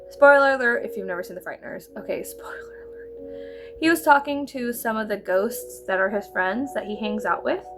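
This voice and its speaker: A woman in her thirties chatting casually while doing her makeup, animated and laughing, swearing freely as she tells stories. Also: medium pitch, vocal fry. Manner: animated, swearing, giggly storyteller. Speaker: vlogger. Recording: music playing behind.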